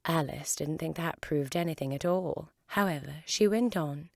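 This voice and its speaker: A woman reading a storybook aloud in a calm, measured way. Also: low-pitched, creaky, no echo, clean studio sound. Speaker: volunteer reader.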